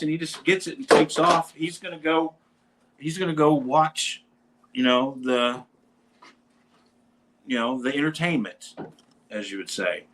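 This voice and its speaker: A man hosting a casual show, telling a rambling, animated anecdote about meeting a band. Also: a little high, a little hiss or hum, poor audio. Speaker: podcast host; bass player in a metal band. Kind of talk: casual storytelling chat.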